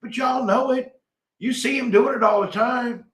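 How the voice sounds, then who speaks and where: A middle-aged man from Tennessee, hosting a rambling, animated live chat and reading out viewer comments. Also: very high voice, moderate pace, reverberant. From Tennessee, USA. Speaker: livestream host.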